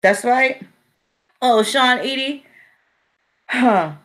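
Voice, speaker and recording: A woman talks straight to her audience in a casual monologue. Her voice sits a little high, and she tells her stories bluntly, with plenty of profanity. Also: drawn-out words, a bit bright. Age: 40s. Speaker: vlogger.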